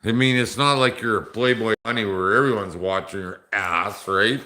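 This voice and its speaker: A middle-aged man chats loosely to his livestream viewers, a bit drunk and cracking crude jokes. His voice sits a little low, with a bright, edgy tone. He rambles from story to story in a casual, unscripted way. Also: normal speed, a little hiss or hum. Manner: rambling, joking, off-color banter. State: tipsy from drinking. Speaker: livestream host.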